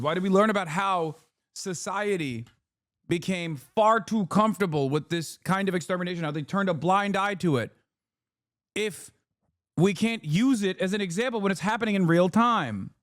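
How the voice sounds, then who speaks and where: A man's voice: high-pitched, normal speed, fairly bright tone, dry recording, studio quality. A male streamer giving heated, profane reaction commentary full of rhetorical questions. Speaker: streamer host.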